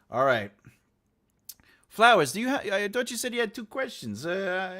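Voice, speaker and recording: A man's voice: high voice, very animated, moderate pace, pauses often, bright, forceful tone. A man hosting a casual livestream, rambling and laughing as he chats and tells jokes. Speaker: livestream host.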